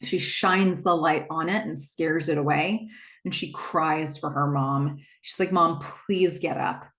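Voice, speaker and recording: Picture a woman with a notably low voice, talking through a movie plot step by step in a relaxed, unscripted way. She strings scenes together with "and then", and now and then drops in an "um" as she goes. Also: measured pace. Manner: retells scenes step by step with fillers. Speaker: movie recap host. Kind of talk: casual plot recap.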